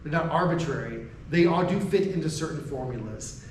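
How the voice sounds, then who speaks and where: Addressing faculty in a casual lecture, an American man keeps restarting sentences, checks in with listeners, and laughs between points. His a-bit-high voice moves a little fast, captured from a distance in an echoey room with faint ambient noise.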